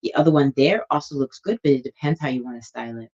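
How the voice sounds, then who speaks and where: A woman's voice: a bass voice, fast talker, husky, dull audio. A young woman and stylist chatting casually to camera at home, rambling and enthusiastic. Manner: chatty, rambling, warm with customers. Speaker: vlogger and stylist.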